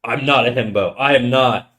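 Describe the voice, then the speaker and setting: Fast-rambling man with a bassy, nasal voice. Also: fairly bright tone. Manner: fast rambling talk with frequent stutters and restarts; swearing, slangy, calls listeners dude. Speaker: live streamer. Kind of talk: casual chat reading viewer comments.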